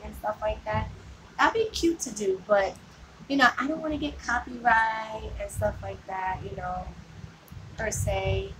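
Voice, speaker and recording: A woman's voice: medium pitch, measured pace. A woman chatting casually with viewers on a vlog, rambling, laughing often and filling her talk with "like" and "you know". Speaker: vlogger. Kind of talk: casual live chat with viewers. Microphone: phone. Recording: distant mic with noticeable background noise.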